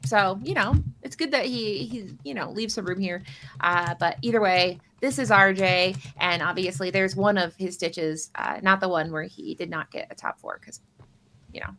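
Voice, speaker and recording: A woman's voice: medium pitch, a bit bright, slight background noise. A woman hosting a live game stream, chatting casually, rambling and joking as she introduces players. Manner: bubbly, rambling, quick to joke. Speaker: stream host and commentator.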